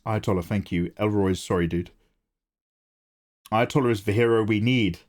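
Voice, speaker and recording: A man's voice: on the low side, moderate pace, a little mellow. A man hosting an art livestream, chatting casually, self-deprecating and reading viewer messages aloud.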